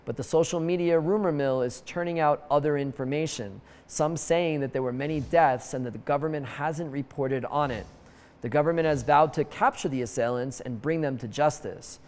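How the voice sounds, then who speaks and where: Wry male news-show host, higher voice. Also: long reverb tail. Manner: wry, jokey asides with quick put-on voices. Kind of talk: comedic news monologue.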